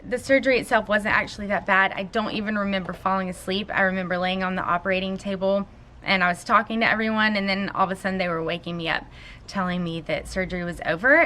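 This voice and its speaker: Filming a personal vlog at home and in a car, this young Oregon woman speaks in a medium-pitched, bright voice with a forceful tone, though she comes across as nervous, giggly and self-conscious.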